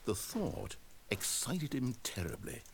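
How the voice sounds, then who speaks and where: Speaking slowly at medium pitch with big pitch swings, a man voices a mocking, wry storybook narrator who teases the player directly. It's scripted game narration with a teasing mood, and there's slight background noise.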